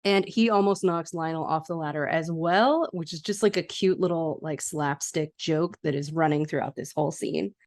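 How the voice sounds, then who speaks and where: A woman, hosting a podcast and excitedly recapping a movie scene by scene. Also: low voice, normal speed, hardly any pauses. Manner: chatty, excitable, laughing asides. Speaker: podcast host. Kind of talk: casual movie rewatch recap.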